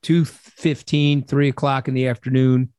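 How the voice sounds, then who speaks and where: A man's voice: medium pitch, flat delivery, moderate pace, a little mellow, smooth, no room sound, studio quality. A middle-aged man telling stories as an interview guest, blunt and profane, acting out the voices of people he quotes. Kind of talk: casual interview storytelling.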